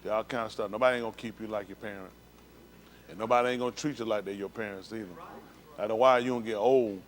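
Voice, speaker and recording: A man's voice: on the low side, fairly even intonation, fast talker, slight background noise. A man giving an emphatic personal testimony to a congregation during a synagogue livestream, repeating himself and talking plainly in street slang. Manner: emphatic, repetitive, street-talk storytelling.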